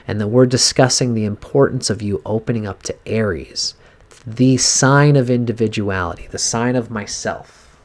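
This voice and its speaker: A man in a live-streamed cold reading, speaking straight to a viewer and coaching her in an earnest, animated way. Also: mid-range voice. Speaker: astrologer giving a reading.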